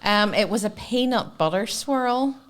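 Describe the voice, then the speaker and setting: A woman co-hosting a podcast in a relaxed, casual chat. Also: mid-range voice, a little slow, a little hiss or hum. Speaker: podcast co-host.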